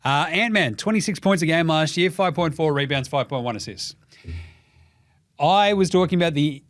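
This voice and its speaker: A young Australian man hosting a casual basketball show, talking fast and loose with lots of swearing and mocking impressions. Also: fairly high pitch, no echo, studio quality. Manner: profane, animated, mocking impressions. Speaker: podcast host. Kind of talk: casual sports commentary.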